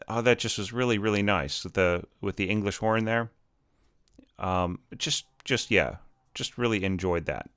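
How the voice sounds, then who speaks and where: A man's voice: on the low side, moderate pace, fairly bright tone, clear, resonant tone, no echo, studio quality. A man giving a casual, rambling critique of orchestral scores as a teacher, full of fillers and restarts.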